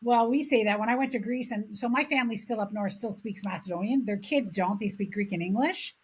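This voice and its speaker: A woman from Canada chatting on a podcast, an animated storyteller who swears freely. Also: mid-range voice, fairly quick, breathy edge, low-quality recording. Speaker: podcast host. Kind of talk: casual chat.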